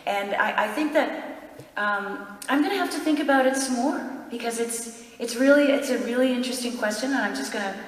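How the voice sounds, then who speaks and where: A woman's voice: on the high side, fairly quick. Chatty woman panelist in a hall. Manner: chatty, thinks aloud. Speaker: convention panelist. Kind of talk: panel Q&A answers. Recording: echoey hall from far off.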